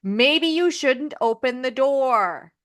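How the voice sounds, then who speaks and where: A woman's voice: high-pitched, lively intonation, slow. A woman doing exasperated scolding dwarves. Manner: lecturing, exasperated.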